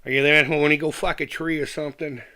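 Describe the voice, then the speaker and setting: A man's voice: fairly high pitch, flat delivery, fast talker, sharp tone. A middle-aged man hosting a live chat stream, reading comments aloud and ranting with heavy profanity and frequent laughs. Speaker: livestream host.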